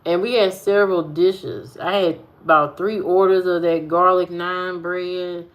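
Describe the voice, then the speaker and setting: A woman chats casually with her viewers in a lowish voice. She takes her time, repeats phrases for emphasis, drawls key words and teases them. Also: fairly even intonation, lo-fi sound. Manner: repeats phrases, playful teasing, drawn-out emphasis. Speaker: vlogger talking to viewers. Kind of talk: casual chat.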